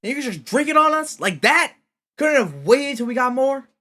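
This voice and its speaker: A man playing a furious young male survivor who loudly accuses the others. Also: big pitch swings, normal speed, full character voice. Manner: loud, accusing, high-pitched.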